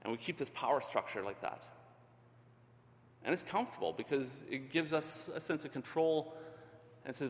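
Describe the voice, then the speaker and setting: Middle-aged man, earnest conversational preacher, mid-pitched, long hall reverb. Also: expressive, brisk. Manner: earnest, conversational, many restarts. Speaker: ministry leader. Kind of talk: sermon.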